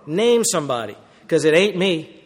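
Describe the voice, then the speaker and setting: Animated male preacher in a reverberant hall. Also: fairly high pitch, moderate pace. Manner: animated preaching, acting out quoted voices, rhetorical questions. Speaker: pastor. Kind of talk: sermon. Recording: long reverb of a church hall.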